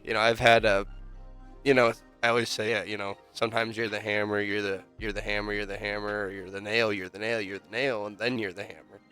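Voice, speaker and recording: A man's voice: lowish voice, level tone, a little fast, sharp tone, clean tone, soft background music. A man who boxes, a guest on a casual podcast, telling a rambling story full of fillers and restarts. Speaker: amateur boxer.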